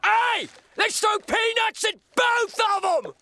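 An actor voicing a brash male surfer fish in a cartoon, shouting with a Cockney accent, in a clip played with loud music behind. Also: very high voice, takes it slowly, gravelly, very noisy, full character voice. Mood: heckling. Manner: shouting, heckling.

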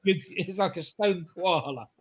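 A man with a slightly raised voice co-hosts a relaxed podcast chat. He winds through rambling anecdotes with restarts and chuckles at his own punchlines. His tone stays easygoing and conversational. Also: high-pitched, takes it slowly, breathy edge. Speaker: podcast co-host. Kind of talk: casual wrestling podcast chat.

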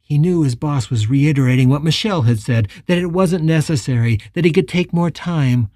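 An audiobook narrator with a mellow, husky, mid-range voice reads scripted narration at a normal speed. The recording is dry, with a clean studio sound.

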